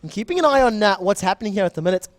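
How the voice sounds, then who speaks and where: A young man with a South African accent doing live esports play-by-play, speeding up and getting louder in the big moments. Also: sits high, no room sound. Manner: fast, excitable play-by-play that rises in big moments. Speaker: esports shoutcaster. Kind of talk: live game commentary.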